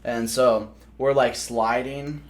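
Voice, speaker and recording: A man's voice: mid-range voice, steady tone, slow. Rambling, profane young man telling stories. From South Dakota, USA. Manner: rambling, profane, laughs mid-story. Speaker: podcast host. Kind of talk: casual chat, storytelling.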